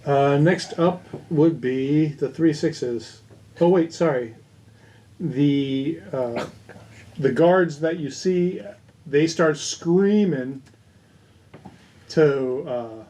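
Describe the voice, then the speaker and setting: Slow, mellow-voiced man running a game. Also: a little high. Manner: unhurried, hesitant, with many fillers. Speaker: game master. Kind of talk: narrating a tabletop game.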